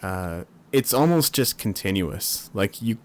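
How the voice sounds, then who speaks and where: A man hosting a podcast, chatting casually in an easygoing, halting way with short agreeing replies. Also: on the low side, lively intonation. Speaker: podcast host. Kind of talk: casual chat.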